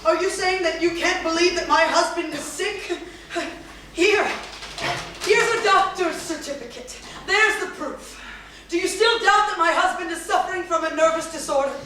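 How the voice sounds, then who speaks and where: A woman's voice: very high voice, normal speed, bright, forceful tone. An actress on stage playing a pestering woman petitioner who insists she is frail, with a whiny, melodramatic manner. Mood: insistent. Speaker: stage actor. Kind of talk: live stage comedy acting. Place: small theater stage. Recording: echoey theater from far off, noisy.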